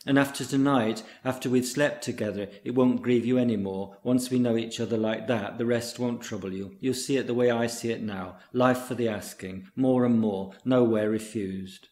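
A man reading the lines of a hopeful, gentle man newly in love in a literary story, calm and earnest. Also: mid-range voice, moderate pace, hardly any pauses, roomy sound, natural voice.

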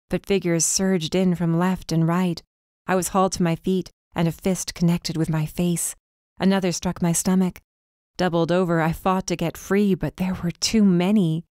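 A woman reading a first-person dark fantasy story as audiobook narrator, with tense, urgent delivery. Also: lowish voice, level tone, normal speed, dry recording, clean studio sound.

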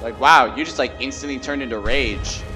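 Young man, casual gameplay commentary, goofy, sings to himself, game music loud in the background. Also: medium pitch, moderate pace. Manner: goofy, jumps between loud outbursts and mumbling, sings to himself. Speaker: let's play gamer. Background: game music and sound effects.

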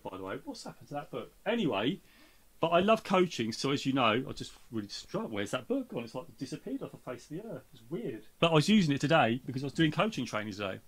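A man hosting a podcast in casual chat, rambling and breaking off mid-thought, sometimes reading aloud from a book. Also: mid-range voice. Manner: rambling, self-interrupting, reads aloud with lively voices for quotes. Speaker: podcast host.

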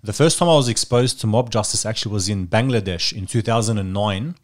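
Guest: a New man with a lowish voice who rambles through stories in relaxed podcast chat. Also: fast. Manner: rambling storyteller, many fillers. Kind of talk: casual chat.

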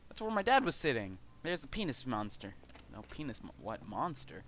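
A man's voice: medium pitch, sing-song, normal speed, a bit bright, a little hiss or hum. A young man from California, commenting casually on a video game, rambling with many fillers, restarts and casual swearing. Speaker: let's play host.

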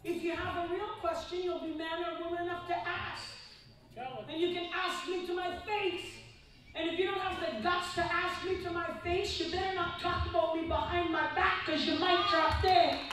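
A woman preacher delivering a bold, defiant revival sermon at a church camp meeting, rising into shouts. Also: extremely high pitch, level tone, moderate pace. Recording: echoey church hall from far off.

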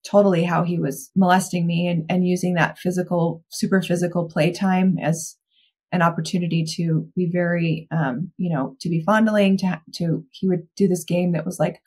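Husky-voiced woman recounting her past. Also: fairly low pitch, steady tone, normal speed, a little mellow. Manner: candid, reflective storytelling. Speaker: interview guest. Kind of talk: personal account in a podcast interview.

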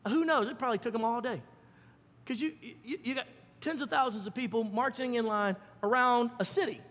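A male pastor preaching a sermon with animated, folksy storytelling and fervent emphasis. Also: very high-pitched, brisk, in a large hall.

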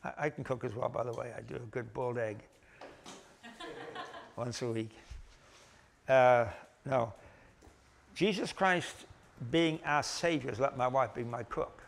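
A man giving a Bible lecture in a conversational way, pausing and restarting, with gentle self-deprecating humor. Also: medium pitch, vocal fry. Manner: halting, with restarts and pauses. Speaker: Bible teacher.

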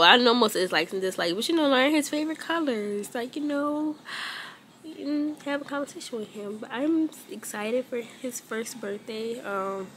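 A woman's voice: on the high side, fairly bright tone, a little hiss or hum. A young woman, vlogging casually as a mother, rambling and emotional with many fillers. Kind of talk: casual vlog talk.

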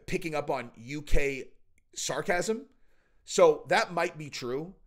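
A man's voice: a little high, a bit bright. A man hosting his own channel, giving a casual, rambling commentary monologue full of profanity and asides. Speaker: channel host.

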